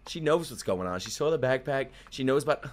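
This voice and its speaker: A man giving casual live reaction commentary while watching an anime, swearing freely and swinging between quiet muttering and loud outbursts. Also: mid-range voice, brisk. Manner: excitable, profane, swings from muttering to shouting. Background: faint anime soundtrack music.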